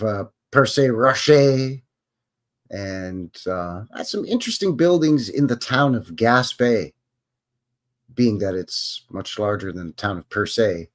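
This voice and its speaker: A Canadian man talks off the cuff on a live stream, rambling and joking in folksy slang. His pitch swings up and down freely and keeps the talk animated. The feel is loose and unscripted. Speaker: host. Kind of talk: casual live-stream chat.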